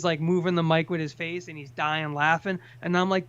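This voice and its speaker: A man's voice: on the high side, steady tone, fairly quick, few pauses, a bit bright, clear, resonant tone, dry recording. Ranting man on a lo-fi stream. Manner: profane, fired-up ranting. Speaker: host. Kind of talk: casual chat. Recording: dull lo-fi sound.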